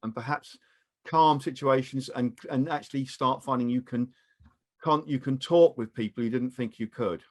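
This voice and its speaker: A man with a British accent presenting a training webinar over a video call, giving advice in a calm, measured way. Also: mid-range voice.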